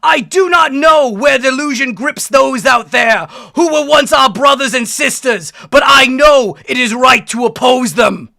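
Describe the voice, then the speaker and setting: A woman voicing a male angelic warrior prince with a slow, heavy, yelling battle speech, raised in pitch. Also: vocal fry, exaggerated voice. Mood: furious.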